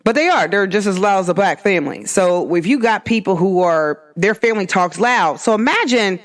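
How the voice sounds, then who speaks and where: Animated, emphatic woman podcast host. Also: mid-range voice, brisk. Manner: emphatic, animated storytelling with rhetorical questions. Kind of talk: casual monologue.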